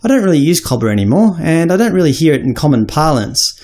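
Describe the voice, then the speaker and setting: A man's voice: on the high side, big pitch swings, fast, darkish tone. An Australian man in his thirties giving a scripted explainer, wry and casual with cheeky crude asides. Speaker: vlogger explaining slang.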